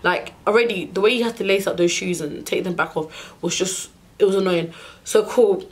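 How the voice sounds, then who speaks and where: Young female vlogger, mid-range pitch; exasperated storytime rant with acted-out dialogue. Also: normal speed. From United Kingdom.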